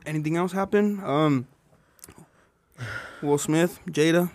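Young man laughing along, slightly high. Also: slow pace, a little mellow. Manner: laughs often, prompts with questions. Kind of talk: casual chat.

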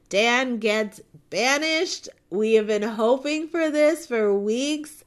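Chatty woman, slow gushing recap. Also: on the high side. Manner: chatty, gushing, many fillers like "like" and "um". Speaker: podcast host reviewing a reality show. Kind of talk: casual recap chat.

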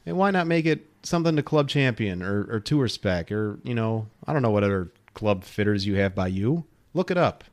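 A man's voice: on the low side, fairly quick, hardly any pauses. A man in his late thirties hosting a podcast, talking straight to his listeners in an emphatic, persuasive way. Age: 30s. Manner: emphatic, animated, addresses listeners directly. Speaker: podcast host. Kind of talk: solo podcast talk.

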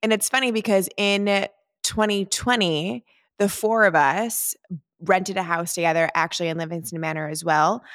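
A woman's voice: lowish voice, normal speed, fairly bright tone, no room sound, studio quality. A woman in her thirties co-hosting a podcast, chatting upbeat about her weekend. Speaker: podcast co-host. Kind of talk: casual chat.

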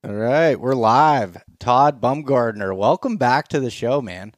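A man's voice: mid-range voice, animated, unhurried, no room sound. A man hosting a hunting podcast in a casual, rambling way, with fillers and restarts. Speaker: podcast host.

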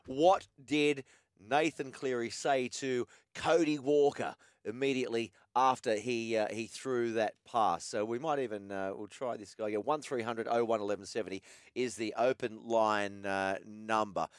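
A man's voice: medium pitch, steady tone, normal speed, clean tone, dry recording, studio quality. Chatty Australian man hosting talkback radio. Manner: chatty, laid-back, asks questions. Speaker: radio host.

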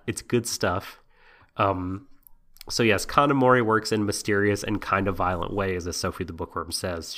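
A man's voice: on the low side, fairly bright tone. A man co-hosting a podcast, casually recapping an anime episode with frequent laughs and many ums. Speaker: podcast co-host.

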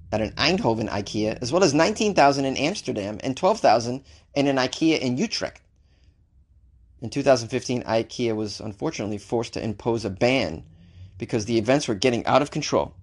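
A man hosting a comedic offbeat-news segment, reading stories and throwing in animated, jokey asides. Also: mid-range voice. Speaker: host.

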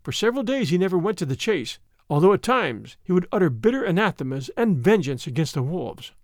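A man narrating a classic tale as an audiobook reading, in an expressive, dramatic manner. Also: high voice, brisk, no room sound, studio quality.

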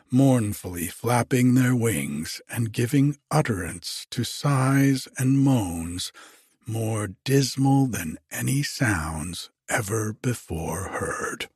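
Male storybook narrator, husky and very slow, dry close recording. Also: on the low side, dry recording. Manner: slow, measured phrasing in short pieces. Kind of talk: storybook reading.

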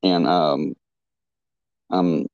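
A man, a podcast guest, telling a story casually in a halting way, full of fillers and restarts. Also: sits low, fairly even intonation, no room sound, dull audio.

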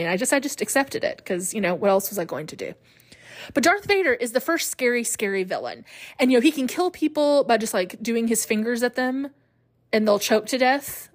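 A woman in her forties hosting a podcast in casual chat, chatty and animated, laughing often. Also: fairly high pitch. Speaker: podcast host.

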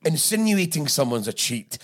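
A man's voice: fairly high pitch, very animated, normal speed. A Scottish man in his thirties, a podcast co-host in casual chat who swears freely, jokes and laughs often.

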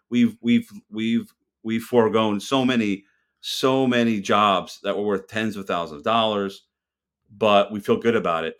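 A man with a fairly low voice talks as a podcast guest. He is blunt and fired up, and he throws in a curse word here and there. He tells his stories with a lot of heat. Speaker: restaurant owner, guest. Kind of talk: casual podcast interview.

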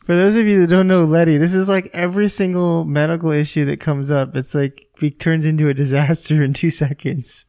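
A man's voice: a little high, fairly even intonation, a little fast, hardly any pauses, darkish tone. A man co-hosting a podcast who teases his co-host and laughs along while asking follow-up questions. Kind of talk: casual chat.

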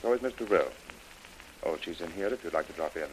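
An actor playing a grave hospital doctor, calm and clinical, in a hissy old radio drama. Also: male voice, deep voice, fast talker, low-quality recording. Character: grave hospital doctor, middle-aged man. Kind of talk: 1930s radio drama acting.

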